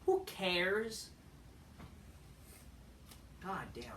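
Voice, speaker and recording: A woman with a medium-pitched, sharp voice reviews a wrestling show at normal speed in a rambling rant full of swearing and dismissive asides. She's far from the mic in an echoey room, with slight background noise.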